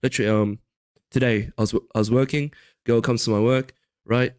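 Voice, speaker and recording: A man's voice: medium pitch, fairly even intonation, brisk, clear, resonant tone, dry recording. A young man co-hosting a podcast in casual chat, rambling with many fillers and restarts. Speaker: podcast co-host.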